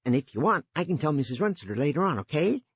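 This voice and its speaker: Man plays eager lonely dead youth, fast pushy questions, dry audiobook sound. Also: on the high side, sing-song, slightly rough, no echo, pitched above the performer's own voice, heavily acted.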